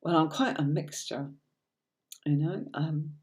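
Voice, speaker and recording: A woman's voice: deep voice, slow. A woman with a British accent chatting on a live stream, talking to viewers with lots of ums and restarts. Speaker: tarot teacher streaming live.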